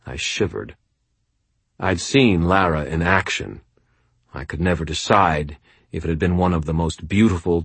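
A man's voice: sits low, fairly even intonation, moderate pace, slightly rough, no room sound. A man narrating a novel in the first person with a wry, dry delivery. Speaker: audiobook narrator.

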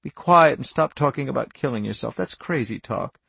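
A man voicing a weary, gentle father. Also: medium pitch, expressive, normal speed, vocal fry, husky, dry recording, heavily acted. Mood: soothing. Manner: soft, murmured, hushed. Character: weary, gentle father comforting his daughter. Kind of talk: audiobook character voice.

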